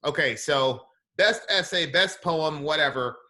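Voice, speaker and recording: A man's voice: a little high, a little slow, pushed and bright. A man hosting a casual interview over a video call, chatty and easygoing, laughing often. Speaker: host.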